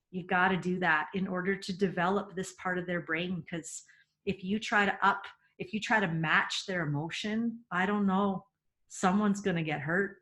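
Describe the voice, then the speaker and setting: A woman's voice: lowish voice, fairly even intonation, unhurried, a bit bright. A middle-aged woman hosting a parenting webinar, talking earnestly and emphatically, laughing often and repeating words as she goes.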